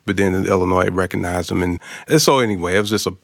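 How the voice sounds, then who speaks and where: A middle-aged man telling a personal story in conversation, animated and acting out the voices of others. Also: low-pitched, fast talker, creaky, no room sound, clean studio sound. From Arkansas. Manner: animated, acts out quoted voices. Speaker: guest.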